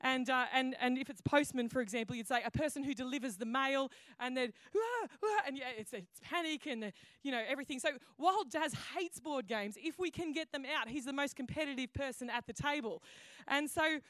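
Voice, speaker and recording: High, chatty woman pastor. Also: fairly quick, a bit bright, no room sound. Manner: chatty storytelling with many restarts and fillers. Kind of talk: sermon. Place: church auditorium.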